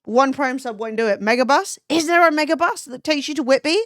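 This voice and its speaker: A woman's voice: high voice, brisk, no room sound, clean studio sound. A young woman live-streaming, chatting casually with her chat, swearing freely and laughing often.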